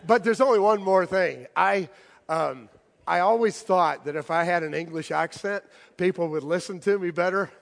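Pastor with a slightly high voice, booming hall. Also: male voice, normal speed, creaky. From United States. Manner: conversational, playful, asks the congregation questions. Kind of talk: sermon. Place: large church sanctuary. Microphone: handheld or stage mic. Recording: long hall reverb.

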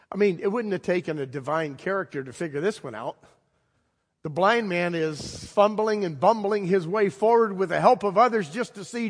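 Man preaching a sermon like telling a story, pretty high voice, big echoey church. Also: husky. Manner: storytelling, conversational, with dramatic pauses. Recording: long hall reverb.

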